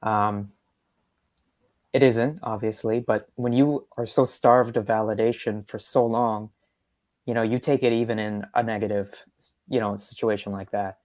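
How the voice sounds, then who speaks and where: A woman's voice: very deep voice, steady tone, moderate pace, darkish tone. A woman on a video call speaking in a thoughtful, earnest way in a panel discussion. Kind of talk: casual discussion.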